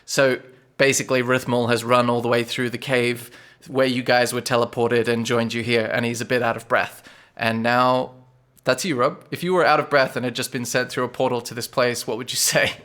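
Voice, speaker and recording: Bright-voiced male game master. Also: mid-range voice, moderate pace. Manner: relaxed, loose, lots of fillers like "sort of". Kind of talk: narrating a tabletop game.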